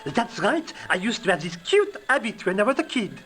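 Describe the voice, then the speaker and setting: Timid young male trainee doctor in a game, polite and eager, lively delivery. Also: high-pitched, normal speed. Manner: polite, hesitant, keeps saying sir. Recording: game audio with faint music.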